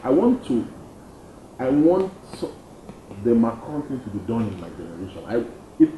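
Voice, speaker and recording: Emphatic young Nigerian man in a roomy room. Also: normal speed. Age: young adult. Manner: emphatic, repeats points, lively pitch swings. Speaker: activist guest. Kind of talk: interview answers. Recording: dull roomy studio sound, faint noise.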